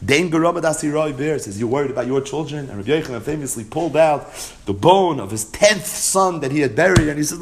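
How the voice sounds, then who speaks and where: Man, Yeshivish English accent, lively pitch swings, sing-song Talmud study cadence, slightly raised voice, faint background hiss. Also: fast. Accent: American Yeshivish English with Hebrew-Aramaic terms. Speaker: Torah teacher. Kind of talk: Talmud lesson, storytelling.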